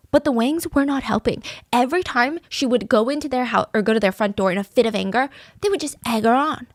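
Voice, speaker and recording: Woman, higher voice, chatty true-crime storyteller, dry close mic. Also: dry recording. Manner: chatty, expressive, lots of "like". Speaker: storyteller host.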